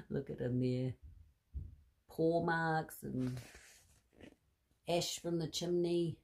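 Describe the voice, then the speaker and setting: A woman reading a bedtime story to children, animated and asking the listener questions. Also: sits low, very slow, vocal fry, pauses often.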